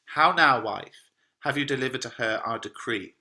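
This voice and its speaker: A man reading the lines of an angry, domineering old father who shouts and scorns. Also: medium pitch, normal speed. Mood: scolding.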